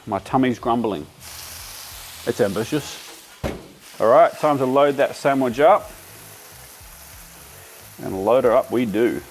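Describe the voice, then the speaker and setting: A man's voice: medium pitch, slow pace, long pauses, a little hiss or hum. Chatty Australian man cooking on camera. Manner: relaxed, chatty, enthusiastic, talks while cooking. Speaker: cooking show host. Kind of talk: casual cooking demonstration.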